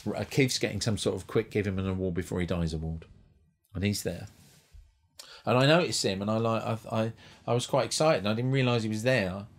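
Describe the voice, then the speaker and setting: A man's voice: fairly low pitch, fairly quick. A male stand-up comedian telling a rambling, profane anecdote on a comedy club stage, with lots of restarts. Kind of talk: stand-up storytelling.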